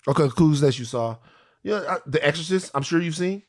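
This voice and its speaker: Fired up guy cohosting a podcast, cussing a lot, higher voice. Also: a little fast. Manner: animated, profane, ranting. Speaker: podcast co-host. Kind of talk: casual chat.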